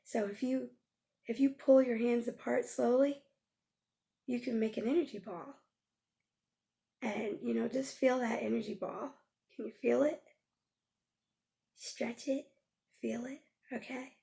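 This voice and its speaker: Soft-toned woman with a heavy gravelly fry. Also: fairly high pitch, steady tone, a little slow, long pauses. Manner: gentle, coaxing, checks in with frequent "okay?". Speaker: life coach. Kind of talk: guided healing exercise.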